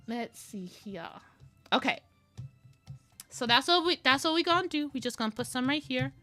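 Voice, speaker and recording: Bright bouncy woman on a drawing stream, rambling and talking to herself, faint music underneath. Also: sits high, lively intonation, moderate pace, pauses often. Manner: rambling, self-talking, playful. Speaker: digital artist streaming her drawing process. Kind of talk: casual live-stream chat while drawing.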